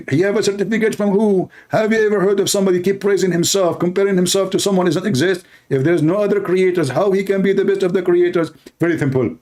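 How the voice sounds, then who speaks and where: A man's voice: high voice, fast talker, hardly any pauses, a little mellow. Sarcastic man. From Middle East. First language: Arabic. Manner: sarcastic, mocking, blunt. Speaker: Christian apologist. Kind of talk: mocking debate commentary.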